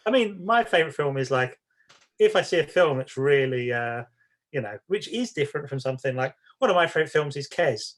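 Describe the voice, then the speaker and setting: Rambling wry man, fairly high voice. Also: lively intonation, brisk. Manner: rambling, self-deprecating, wry. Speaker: podcast co-host. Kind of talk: casual chat.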